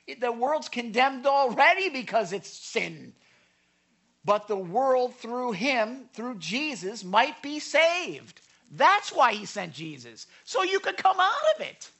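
High, bright-voiced male pastor preaching. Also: very animated, slow. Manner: emphatic, swings between loud and hushed. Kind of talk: sermon.

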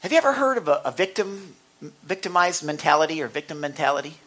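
A male pastor delivers a sermon with a high-pitched, bright voice. He keeps it conversational, putting questions to his listeners and rising into forceful emphasis. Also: big pitch swings, fast. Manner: earnest, conversational preaching with rising bursts of emphasis; asks the congregation questions.

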